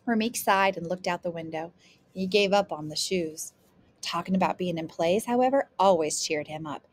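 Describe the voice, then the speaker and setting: A woman narrating a chapter of a novel in an even, unhurried storytelling voice. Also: on the low side. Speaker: audiobook reader. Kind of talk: scripted narration.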